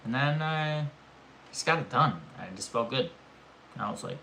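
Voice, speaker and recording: A young man streaming live, telling a rambling, animated story in casual chat and swearing often. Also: medium pitch, moderate pace, a little hiss or hum.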